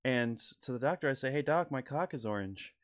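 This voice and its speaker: A man putting on an eager, excitable storyteller complaining to his doctors in a joke. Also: mid-range voice, fairly quick, pitched above the performer's own voice, natural voice.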